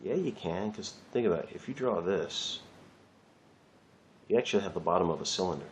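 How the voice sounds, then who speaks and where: A man's voice: sits low, animated, a little fast, slight background noise. A man giving a casual, rambling drawing lesson while he works, chatting loosely and swearing lightly. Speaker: art teacher.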